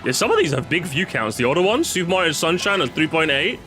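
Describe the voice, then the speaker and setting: A man's voice: fairly high pitch, big pitch swings, quick pace, pushed and bright. A young man chatting casually with viewers as he plays, rambling and swearing freely, with game music behind him. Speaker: streamer. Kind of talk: casual gaming commentary.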